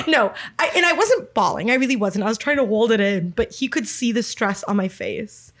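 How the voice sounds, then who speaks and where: A young woman in her twenties co-hosting a podcast, telling stories in an animated way and laughing as she talks. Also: fairly high pitch, a little fast, few pauses. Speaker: podcast co-host. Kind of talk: casual chat.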